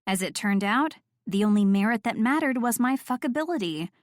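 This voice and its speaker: A woman's voice: a little high, expressive, a little fast, no echo, studio quality. Wry woman reading a romance audiobook. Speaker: audiobook narrator. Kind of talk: first-person romance narration.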